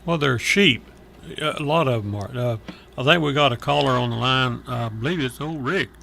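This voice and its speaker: A man's voice: mid-range voice, normal speed, gravelly, bright, forceful tone, a little hiss or hum, poor audio. A man hosting a call-in radio show, folksy and opinionated. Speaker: radio talk show host.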